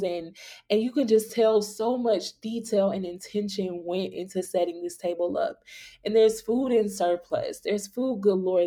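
Young female podcast host, casual faith storytelling, heartfelt and filler-heavy, mellow voice. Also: mid-range voice. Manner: earnest, many fillers like "like" and "y'all".

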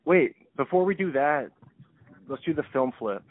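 A man's voice: on the high side, lively intonation, normal speed. A man co-hosting a casual movie podcast, easygoing and hesitant, often laughing and restarting his sentences. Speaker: podcast co-host. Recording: thin phone-like sound, dry.

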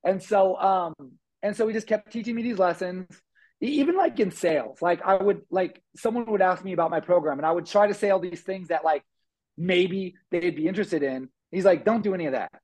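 A man telling his life story as a guest on an interview podcast, animated, acting out quotes with lots of fillers. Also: high voice, fairly quick, low-quality recording.

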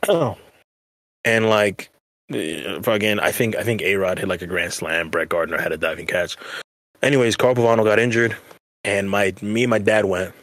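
A man's voice: fairly low pitch, a bit bright, dry recording. Male podcast co-host, rambling slangy storyteller, dry close mic. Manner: rambling, slangy, many restarts. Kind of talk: casual chat.

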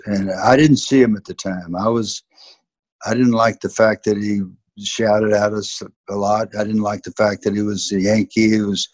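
Older Southern man, husky and earnest. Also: fairly low pitch, darkish tone, dry recording. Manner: earnest, emphatic. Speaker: former football coach, interview guest. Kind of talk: reflective storytelling in an interview.

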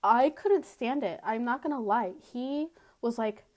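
A woman's voice: on the high side, a little slow, a little mellow. A young woman hosting a podcast, telling a personal story in a blunt, candid way, with many fillers and casual swearing. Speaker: podcast host. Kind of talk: confessional storytelling monologue.

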